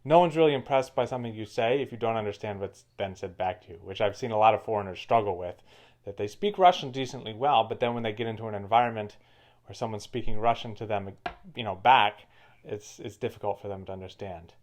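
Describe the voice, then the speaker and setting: A man co-hosting a casual chat, giving his views in a steady, explanatory way. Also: fairly low pitch, quick pace. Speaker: co-host.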